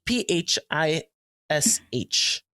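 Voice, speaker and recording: A man's voice: a little high, expressive, drawn-out words, sharp tone, no room sound. Joking man in dry close-up sound. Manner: chatty and joking, with frequent fillers and restarts. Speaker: podcast co-host. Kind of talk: casual chat.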